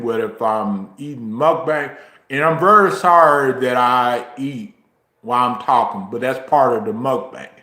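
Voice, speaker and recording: Slow, rambling man with a drawl. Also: mid-range voice, sharp tone, reverberant. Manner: slow, drawn-out, rambling talk with frequent ums. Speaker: YouTuber streaming a chat. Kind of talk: casual livestream chat. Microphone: phone, recorded while walking.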